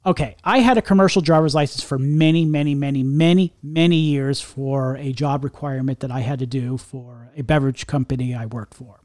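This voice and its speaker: A man's voice: mid-range voice, fairly quick, few pauses, a little mellow. A middle-aged man co-hosting a podcast, ranting casually and rambling with lots of restarts. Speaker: podcast co-host.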